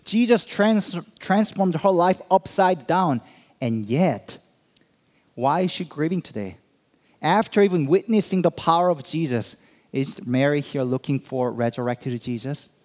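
A man's voice: fairly high pitch, animated, a little slow, a little mellow. A male pastor preaching an Easter sermon, building emphasis and acting out quoted voices.

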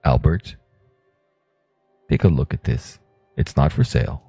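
A man's voice: extremely low pitch, expressive, measured pace, vocal fry, warm tone, breathy edge, no room sound, faint music behind, full character voice. Man doing a stammering, earnest adventurer. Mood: puzzled. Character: earnest, odd male adventurer character.

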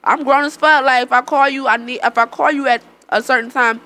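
A young woman rattles off stories at a brisk clip in loose, casual chat. She is blunt and profane, and she laughs often as she talks. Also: high-pitched, steady tone, bright, forceful tone.

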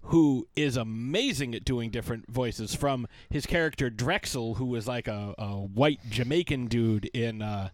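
A man's voice: medium pitch, unhurried, hardly any pauses, no room sound. A man co-hosting a podcast in casual chat, rambling and searching for his words. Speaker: podcast co-host.

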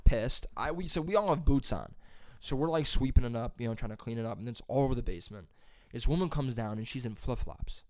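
A young man talks casually and swears constantly as he rambles through a job story. His voice is clear and resonant. It sits at a middle pitch and is recorded close and dry. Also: animated, a little fast, hardly any pauses, darkish tone, no echo. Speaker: plumber's helper telling a story. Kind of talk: casual chat.

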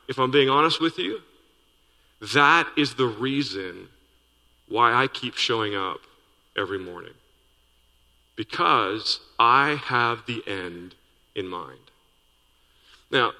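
A man preaching a sermon with a very bright, forceful voice, earnest and conversational, slipping in folksy asides. His words ring out with a long reverb through the church sanctuary. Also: medium pitch. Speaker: pastor.

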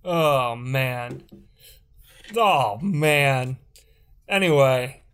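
A man's voice: mid-range voice, lively intonation, drawn-out words, fairly bright tone, clean tone. A man co-hosting a casual podcast, blunt and sardonic, with frequent swearing. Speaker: podcast co-host.

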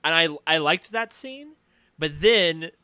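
A man's voice: on the high side, expressive, slow, sharp tone, smooth, no room sound. A man co-hosting a casual movie review podcast, chatty and full of "like" fillers as he retells scenes. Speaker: podcast co-host.

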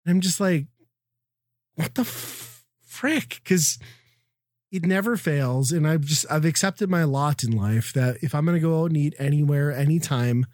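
A man's voice: fairly high pitch, normal speed, a little mellow, dry recording, studio quality. A middle-aged man from the Midwest telling a profane, exasperated story in casual chat. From American Midwest.

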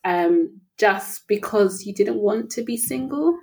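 A woman hosting a casual podcast chat, relaxed and conversational, asking her guest questions. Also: medium pitch, slow pace, creaky. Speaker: podcast host. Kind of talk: casual chat about a TV show.

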